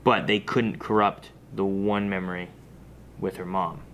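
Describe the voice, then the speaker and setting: Low-ish guy rambling thru a reaction vid, lots of restarts, bit of hiss behind. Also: level tone, measured pace, a bit bright. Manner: rambling, thinks aloud with many restarts. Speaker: reaction video co-host. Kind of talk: casual reaction chat.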